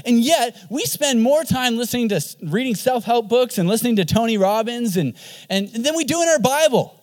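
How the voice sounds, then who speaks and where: A man who is a pastor, preaching an animated sermon and often repeating words for emphasis. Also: sits high, moderate pace.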